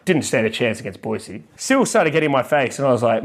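A man's voice: mid-range voice, big pitch swings, fast talker. A man co-hosting a podcast, ranting with heavy swearing in a heated, mocking way. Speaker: podcast co-host. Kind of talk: sweary comic rant.

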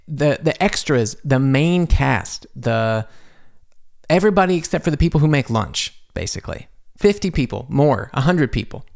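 A man hosting a podcast, telling an embarrassing story in a casual, animated, self-deprecating way with many restarts. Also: medium pitch, vocal fry. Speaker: podcast host. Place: home studio.

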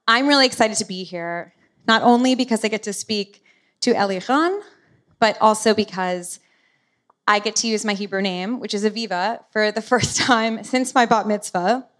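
Hoarse woman podcast host, sick. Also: medium pitch, moderate pace, a bit bright. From United States. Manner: open, personal storytelling. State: lost voice, sick. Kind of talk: podcast intro and live stage talk.

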